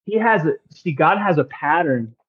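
A man with a fairly high voice tells his faith story on a podcast, earnest and excitable, dropping casual slang. The recording sounds a little dull and lo-fi. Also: normal speed, slightly rough. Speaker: podcast guest. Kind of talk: casual testimony chat.

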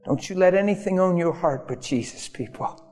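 A man with a high, darkish voice and lively intonation preaches at normal speed, telling stories in an emphatic sermon that erupts in sudden bursts. Long hall reverb and faint music fill the recording.

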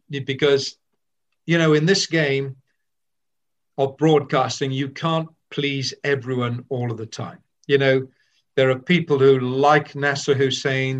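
An older man, a veteran sports broadcaster, telling self-deprecating stories in an interview. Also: medium pitch. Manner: anecdotal and self-deprecating, with frequent restarts. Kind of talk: reflective interview storytelling. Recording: slightly dull lo-fi sound.

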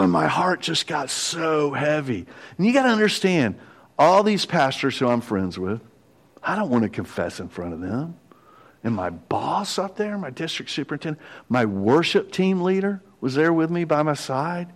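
A middle-aged pastor preaching a confessional sermon, telling a personal story with quoted voices. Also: male voice, fairly high pitch, big pitch swings, normal speed.

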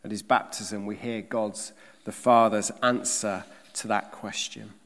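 A man's voice: fairly low pitch, fairly even intonation, unhurried. Emphatic male preacher in a reverberant hall. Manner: emphatic, with rhetorical questions and swings in loudness. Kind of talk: sermon.

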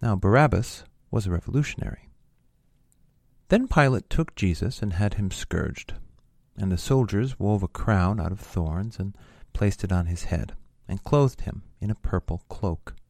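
A man reading a Gospel passage aloud in a measured, steady way. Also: sits low, gravelly, no echo, studio quality. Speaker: scripture reader.

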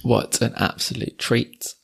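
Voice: unhurried, a bit bright. A podcast host wrapping up a casual interview with appreciative, enthusiastic praise for the guest.

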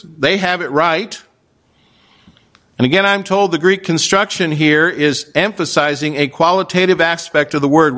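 Measured, slightly high-voiced male preacher. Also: fairly bright tone. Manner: measured, emphatic, with occasional dry asides. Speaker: pastor. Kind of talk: expository sermon.

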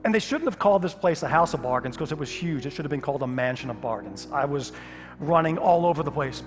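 Male pastor, lively comic storytelling sermon, reverberant hall, faint music behind. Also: fairly high pitch, fast. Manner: animated, humorous storytelling with sudden loud outbursts.

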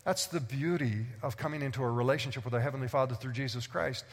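Animated man preaching in a reverberant hall. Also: medium pitch, fast. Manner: animated preaching, acting out Bible dialogue. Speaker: pastor. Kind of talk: sermon. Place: church sanctuary.

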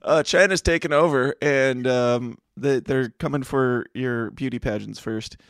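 A man's voice: mid-range voice, unhurried, fairly bright tone, dry recording, clean studio sound. A man co-hosting a casual news podcast, rambling and hesitant, laughing often. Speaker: podcast co-host. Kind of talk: casual news commentary chat.

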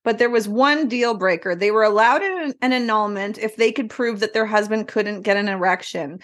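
A woman's voice: mid-range voice, moderate pace, hardly any pauses, fairly bright tone. A woman co-hosting a casual podcast, loose and wisecracking, laughing as she reads her notes. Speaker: podcast co-host.

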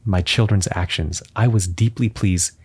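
A man in his thirties co-hosting a podcast, telling a family anecdote in a relaxed chatty way, chuckling and putting on playful voices for his children. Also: low-pitched, normal speed, breathy edge. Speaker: podcast co-host. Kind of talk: casual podcast storytelling.

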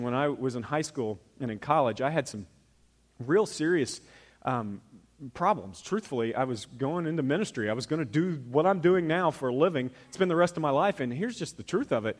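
A male pastor giving a candid, conversational sermon, laughing at himself and swinging from soft asides to loud emphasis. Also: mid-range voice.

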